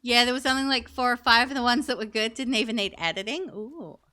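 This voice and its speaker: A woman's voice: on the high side, fast, bright, forceful tone. A woman chatting with her stream while playing a game, thinking aloud with many fillers. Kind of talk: casual live-stream chat while gaming.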